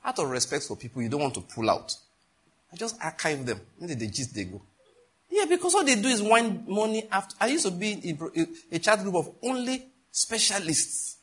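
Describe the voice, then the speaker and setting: A middle-aged Nigerian man preaching a sermon, his voice husky and pitched a little high for a man. He exhorts his listeners with animated storytelling asides, swinging from low, confiding asides up to rising, emphatic points.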